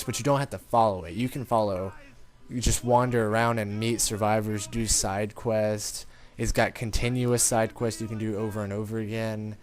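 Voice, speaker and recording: A man giving casual gameplay commentary, rambling and informal, talking straight to his viewers. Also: on the low side. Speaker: gaming commentator.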